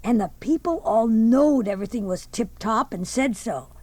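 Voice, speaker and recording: A woman's voice: fairly high pitch, animated, moderate pace, darkish tone, dry recording. A woman voicing a folksy teenage boy. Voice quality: plainspoken folksy drawl. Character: folksy young teenage boy narrating his own tale. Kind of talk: radio drama narration.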